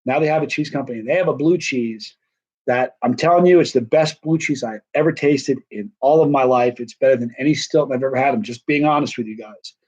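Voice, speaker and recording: A man's voice: medium pitch, a little fast, darkish tone, breathy edge, low-quality recording. A middle-aged man chatting casually on a live stream, rambling and self-deprecating, worn out and wired at once. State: tired and wired. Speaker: vlogger answering live chat.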